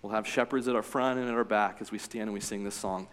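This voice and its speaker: A man's voice: lowish voice, fairly even intonation, quick pace, long reverb tail. A man preaching as a pastor, earnest, telling a story and then giving an invitation. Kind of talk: sermon.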